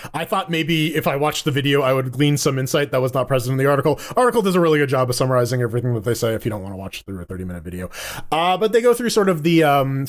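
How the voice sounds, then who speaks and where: A man co-hosting a casual gaming podcast, rambling along with frequent restarts and casual swearing. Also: on the high side. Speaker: podcast co-host. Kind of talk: casual gaming news chat.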